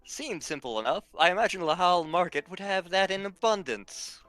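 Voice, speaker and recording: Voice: medium pitch, expressive, moderate pace, a bit bright, faint music behind. A host explaining game mechanics in casual commentary, with frequent fillers. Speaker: let's play host.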